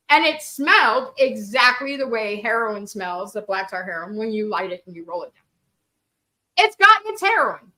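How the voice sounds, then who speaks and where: A woman's voice: a little high, bright, forceful tone. A woman telling candid, profane stories in casual chat, laughing and swearing freely. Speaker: guest storyteller.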